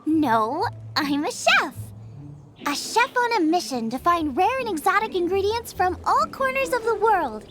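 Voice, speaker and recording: A bubbly young food-mad chef. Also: female voice, very high-pitched, big pitch swings, measured pace, heavily acted. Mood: chatty. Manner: bubbly, enthusiastic, rambles about recipes. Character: cheerful young female chef, food-obsessed and eager. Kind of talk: game cutscene voice acting. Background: background music.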